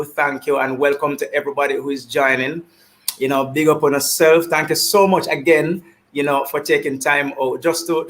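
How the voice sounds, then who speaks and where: A man with a Jamaican accent and a fairly high pitch hosts an online talk show over a video call. He's animated, packing in repeated greetings and shout-outs.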